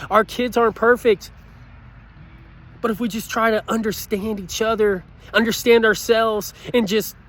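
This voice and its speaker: This man speaks in a high, slightly bright voice as he delivers a heartfelt motivational talk. Earnest and pleading, he repeats his points and gets choked up with emotion.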